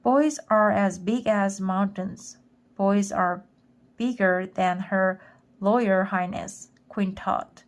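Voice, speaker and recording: A big male ant guard from a storybook, fawning and flustered, forever apologizing to his queen, as a woman reading aloud puts him on. His slow, stumbling speech keeps tripping over royal titles. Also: mid-range voice. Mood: insistent.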